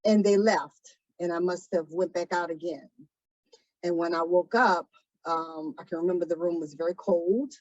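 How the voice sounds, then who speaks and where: A woman recounts her past in a soft, hesitant interview voice, often pausing to gather herself. Her voice has a husky edge. The sound is dry and a little dull, like a lo-fi recording. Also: lowish voice, dry recording. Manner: soft-spoken, hesitant, many pauses and ums. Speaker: trafficking survivor guest. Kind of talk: interview testimony.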